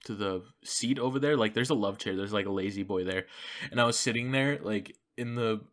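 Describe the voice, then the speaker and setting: Lowish-voiced young man telling a rambling story. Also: brisk. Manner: rambling storytelling, heavy swearing and fillers. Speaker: podcast host. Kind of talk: casual chat.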